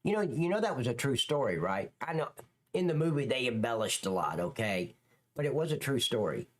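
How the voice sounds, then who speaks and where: A man's voice: medium pitch, very animated, fairly quick. A man hosting a live stream, chatting loosely and crudely, answering viewers' comments as he goes. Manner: rambling, crude, reads and answers chat. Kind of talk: casual live-stream chat.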